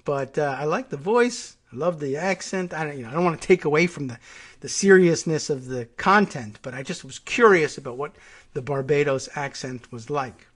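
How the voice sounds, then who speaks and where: A man's voice: fairly high pitch, animated, moderate pace, a bit bright, breathy edge. A man hosting a talk show, reading an article aloud and breaking off into muttered, chatty asides. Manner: chatty, muttering asides while working the computer.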